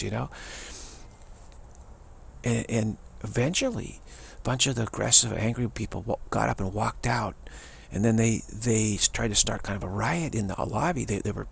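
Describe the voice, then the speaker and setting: A man's voice: lowish voice, normal speed, vocal fry, slight background noise. A man, a spiritual teacher, telling a personal story and acting out what other people said.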